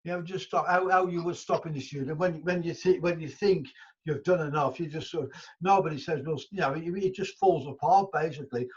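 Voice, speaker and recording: Brisk and husky, his voice on the high side, an older man from England tells stories as a guest musician in a casual interview. He rambles with frequent restarts and fillers, captured in dull, lo-fi audio.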